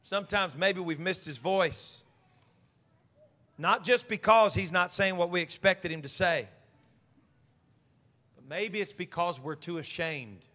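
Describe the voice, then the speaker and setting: A man, a senior pastor, preaching a sermon in church, swinging between hushed pleading and shouted exhortation. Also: sits high, big-room sound. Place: church sanctuary.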